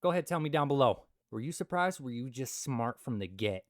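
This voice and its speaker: A man's voice: mid-range voice, animated, brisk, no room sound. Man, young adult, comedic bible commentary host, joking asides, dry close recording. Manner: joking, jumps between loud asides and quiet mutters. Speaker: Christian video host.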